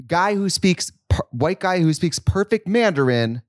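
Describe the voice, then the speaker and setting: A man's voice: high voice, expressive, a little slow, no room sound, clean studio sound. A man co-hosting a podcast in casual chat, teasing and acting out anecdotes. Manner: chatty, teasing, acts out anecdotes. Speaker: podcast co-host.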